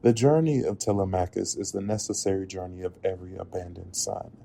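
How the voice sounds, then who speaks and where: A man narrating a reflective spoken essay in a measured, earnest way. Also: low-pitched, fairly even intonation, vocal fry, mellow. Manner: measured, earnest, with occasional laughs at slips.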